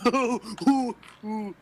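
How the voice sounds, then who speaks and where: A man's voice: very high voice, very slow, rough recording. A man playing a tabletop game, playful and giggly, joking in character. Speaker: player.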